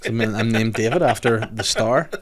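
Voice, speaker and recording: A Northern Irish man hosting a podcast, telling stories in animated, sweary casual chat. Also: on the low side, normal speed. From Northern Ireland. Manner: animated storytelling, heavy swearing. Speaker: podcast host.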